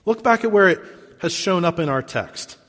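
A man preaching a sermon as pastor, reading scripture and stressing key words, with sharp swings between loud emphasis and quiet drops. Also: animated, moderate pace, in a large hall. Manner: emphatic preaching with big swings in pitch and volume.

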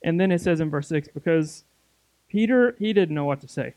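A young man preaching a casual sermon to a youth group, acting out scenes in playful, animated voices. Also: on the high side, fairly quick, no echo.

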